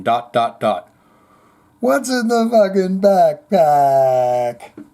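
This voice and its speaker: A man's voice: mid-range voice, darkish tone. A man hosting a heavy metal news show, casually chatting and reading viewer comments in a blunt, sarcastic way with some swearing.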